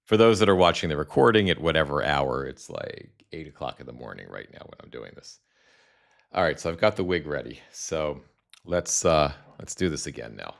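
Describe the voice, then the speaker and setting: A man's voice: very deep voice, sing-song, normal speed, creaky. A man hosting a live stream from home, rambling casually with self-deprecating asides and frequent restarts.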